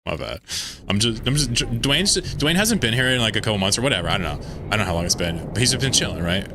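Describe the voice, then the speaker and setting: Man from the American South, game streamer, fairly low voice, rambling, swears a lot, faint background hiss. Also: sing-song, fast talker. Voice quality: rambling, profane, offhand. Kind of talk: casual live-stream chat over gameplay.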